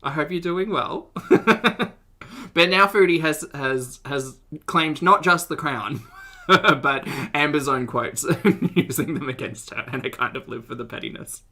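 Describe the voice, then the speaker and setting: A young woman streamer reacts to videos, talking casually and directly to her live chat, giggling often and trailing off into restarts. Her low voice is bright and forceful at a measured pace.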